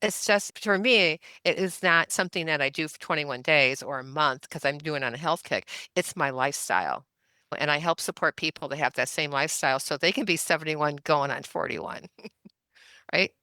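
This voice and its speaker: A woman in her seventies speaks with a bright, forceful tone and a smooth, crisp voice. She tells stories chattily as a podcast guest, laughing often. The sound is dry and close. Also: sits low, moderate pace, no room sound. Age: 70s. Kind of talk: casual storytelling interview.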